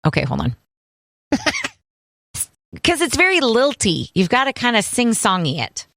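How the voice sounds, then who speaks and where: A woman co-hosting a radio show, running through items in a brisk, list-reading way. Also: on the high side, huge pitch swings, a bit bright, no echo. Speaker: radio co-host. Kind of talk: morning radio show chat.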